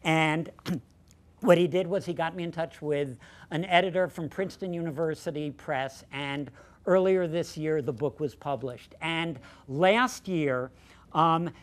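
A man's voice: a little high, measured pace. Older man telling a self-deprecating story. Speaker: professor giving a colloquium talk. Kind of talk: anecdotal lecture.

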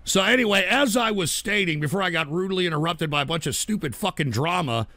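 Profane high-voiced ranting male streamer. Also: animated, quick pace, no room sound. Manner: profane, heated, swings into shouting. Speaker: livestream host reading donation messages. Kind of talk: angry ranting livestream talk.

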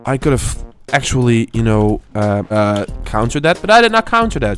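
A man's voice: on the high side, sing-song, a little fast, fairly bright tone, clear, resonant tone, faint music behind. A man giving live gameplay commentary, swearing often and swinging between frustration and taunting his opponents while talking to viewers. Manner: talks to viewers. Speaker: gaming YouTuber.

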